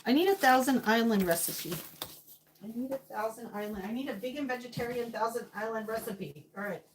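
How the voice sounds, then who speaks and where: A woman's voice: a little high, brisk, a little hiss or hum. A woman cooking at home, chatting casually with her viewers and thinking aloud, humming to herself between remarks. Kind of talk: casual chat while cooking, reading viewer comments.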